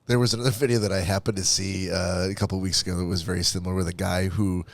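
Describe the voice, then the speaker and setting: A man co-hosts a podcast in casual chat with a somewhat low voice. He tells stories in a relaxed way and drops wry remarks. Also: racing, creaky. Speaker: podcast co-host.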